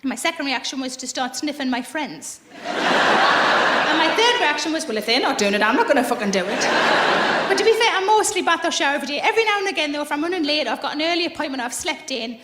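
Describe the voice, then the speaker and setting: Very high-voiced woman comic. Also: quick pace, very noisy. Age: 40s. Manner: chatty, blunt and swearing, with deadpan punchlines. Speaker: stand-up comedian. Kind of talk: live stand-up comedy. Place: large live comedy venue. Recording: echoey live room with loud audience laughter. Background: audience laughing and cheering.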